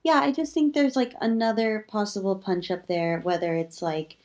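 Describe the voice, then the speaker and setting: A woman's voice: steady tone, moderate pace, a little mellow. A woman giving casual feedback on a comedy set, thinking aloud with many fillers and acting out suggested lines. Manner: thoughtful, many likes and ums, acts out pitch ideas.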